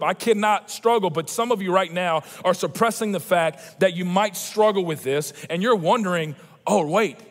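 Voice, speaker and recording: Man, 30s, high-pitched, animated preaching, reverberant auditorium. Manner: animated, emphatic preaching with personal storytelling. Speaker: pastor. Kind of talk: sermon. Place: large church auditorium. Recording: long reverb of a church auditorium.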